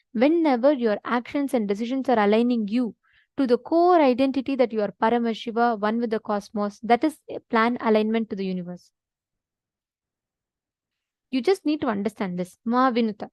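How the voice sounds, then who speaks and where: Higher-voiced woman teaching spiritual discourse. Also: a little mellow, dry recording. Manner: addresses listeners by name, asks rhetorical questions.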